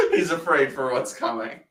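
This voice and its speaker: Crude excitable man, animated voice. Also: on the high side, reverberant. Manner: loud, crude and excitable, quick laughter. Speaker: podcast host. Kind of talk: casual live-stream chat.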